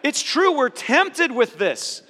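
This pastor, middle-aged with a high and bright voice, preaches slowly but very animatedly, stressing repeated phrases. A long reverb fills the large hall around him.

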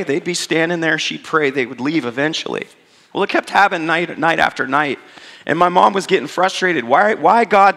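A man with a fairly high, gravelly voice preaches a sermon. He tells stories in a lively, conversational way and acts out the voices in his quotes. His voice rings out with a long reverb in a church hall. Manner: storytelling, animated and conversational, acting out quotes. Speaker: pastor.

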